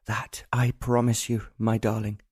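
A man reading an audiobook, voicing a tender and protective English nobleman who speaks quietly and earnestly. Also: lowish voice, little pitch movement, a little slow, slightly rough, dry recording, clean studio sound. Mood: tender, resolute. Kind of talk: audiobook narration.

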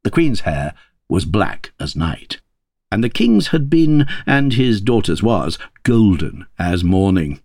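A man reading a fairy tale aloud as narrator with expressive, playful delivery. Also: fairly low pitch, takes it slowly, no echo. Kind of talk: storybook read-aloud.

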